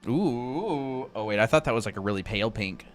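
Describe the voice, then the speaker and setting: A man teaching art on a casual live stream, relaxed and chatty, with fillers and asides to his viewers. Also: medium pitch, brisk, faint music behind. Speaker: art instructor.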